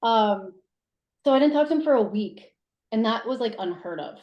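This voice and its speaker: A woman in her thirties, a guest telling personal stories in casual conversation, acting out quotes with big jumps in pitch. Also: expressive, moderate pace, highs cut off. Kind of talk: casual interview storytelling. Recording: roomy echo.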